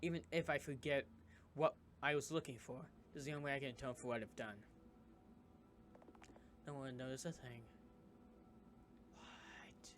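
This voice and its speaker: A man's voice: medium pitch, steady tone, fairly quick, long pauses, noisy background. A man playing a story game, reading its text aloud in an earnest way as he plays. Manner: earnest narration with sudden loud reactions.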